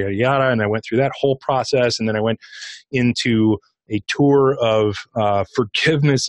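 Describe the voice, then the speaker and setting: A middle-aged man, a podcast guest and author, telling a personal experience in a casual, animated way, acting out his own inner dialogue. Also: lowish voice, no room sound, studio quality. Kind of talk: interview storytelling.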